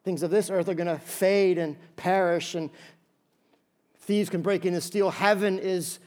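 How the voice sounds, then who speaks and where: A male pastor preaching a sermon, telling stories in an animated way with many quick restarts. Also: sits high.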